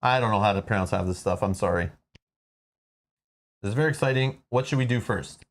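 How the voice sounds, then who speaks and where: A man's voice: fairly low pitch, brisk. A man hosting a casual board game playthrough, chatty with self-deprecating asides. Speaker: host.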